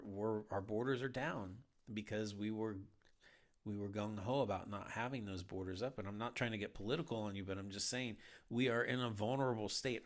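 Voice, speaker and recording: A man hosting a Bible podcast, talking in an earnest, heartfelt, urging way. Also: on the low side. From United States. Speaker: podcast host. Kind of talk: earnest Bible teaching talk.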